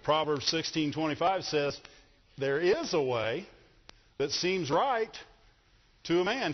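Husky man preaching in a reverberant hall. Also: a little high, slow, pauses often. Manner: animated, asks the congregation questions. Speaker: pastor. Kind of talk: sermon. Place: church hall. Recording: dull sound with long hall reverb.

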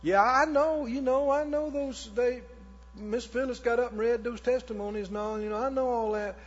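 Man playing a subdued doubter, halting speech, husky voice, long echo, muffled lo-fi sound. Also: steady tone. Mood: resigned. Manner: hesitant, halting, low and subdued. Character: discouraged adult doubter in a congregation, making excuses. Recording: echoey hall, dull lo-fi sound.

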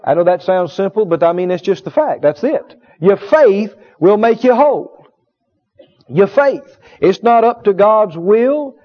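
In a dull, lo-fi recording, an animated preacher who also teaches at a healing school gives a sermon. His high voice rings out as he hammers key phrases repeatedly and stops to draw agreement from the congregation in call-and-response.

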